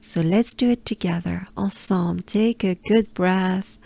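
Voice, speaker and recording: A woman from France with a French accent, teaching pronunciation by slowly repeating syllables and leading the listener through them. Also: on the low side, gravelly, dark tone, no echo. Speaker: pronunciation coach. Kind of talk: slow, drilled pronunciation lesson.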